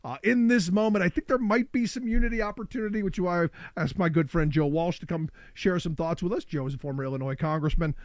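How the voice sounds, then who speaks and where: A man hosting a call-in talk show, sounding sick and rough-voiced, chatting casually. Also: sits high, dry recording. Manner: casual, chatty, quick asides. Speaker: radio talk show host.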